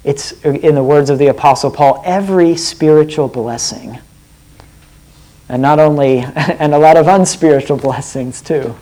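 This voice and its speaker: A man's voice: fairly high pitch, normal speed, warm tone, rough recording. A man preaching a sermon in an earnest way, often putting direct questions to his listeners.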